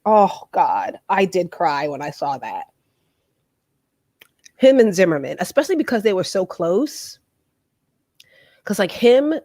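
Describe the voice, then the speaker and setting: A woman's voice: lowish voice, a little mellow, no room sound, studio quality. A woman hosting a casual live stream, chatting to her viewers with lots of "um" and "like", a cough drop in her mouth. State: talking around a cough drop. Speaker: vlogger host.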